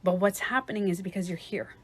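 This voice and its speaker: Casual woman coach chatting on a live stream, swears a bit, mid-pitched voice. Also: fairly even intonation, brisk, breathy edge. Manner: chatty, swears, acts out other people's voices. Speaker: life coach. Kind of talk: casual livestream talk.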